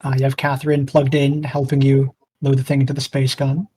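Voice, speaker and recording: A man in a casual podcast chat, rambling through a video game's plot and breaking into quick mock voices. His pitch sits in a middle range. A faint hiss runs under the recording. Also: completely flat delivery, warm tone. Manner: rambling retelling with mock voices, laughs often. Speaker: podcast co-host.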